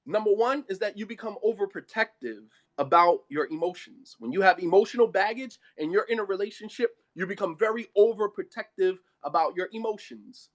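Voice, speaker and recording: Brief: male lecturer, high voice, blunt colloquial sermon on marriage, emphatic delivery. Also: fairly quick, hardly any pauses. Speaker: Islamic speaker.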